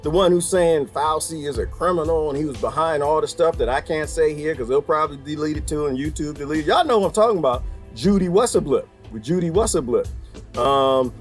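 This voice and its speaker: A man ranting casually to his viewers, animated and laughing often as he answers their comments. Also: on the high side, fairly quick, faint music behind. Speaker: channel host talking to viewers. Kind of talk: casual livestream rant.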